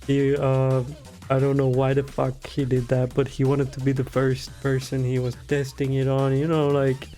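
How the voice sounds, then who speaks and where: A man rambling through game lore in an irreverent, profane comedic rant, full of giggly asides. His voice sits at a middling pitch, with faint music in the background. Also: completely flat delivery, normal speed, mellow. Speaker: video creator.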